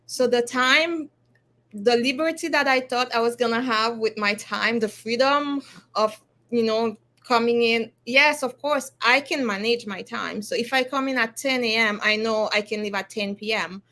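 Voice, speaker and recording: Bright-voiced woman attorney. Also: a little high, moderate pace. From Haiti. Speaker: attorney and law firm owner, guest. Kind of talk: podcast interview.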